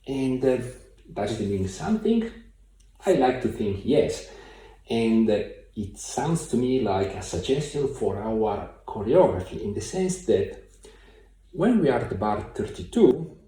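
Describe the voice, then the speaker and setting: A man's voice: medium pitch, sing-song, measured pace, dark tone. Man teaching piano in an echoey room. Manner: thoughtful, hesitant, many fillers. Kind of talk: piano tutorial. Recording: very echoey room, mic far off. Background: piano playing.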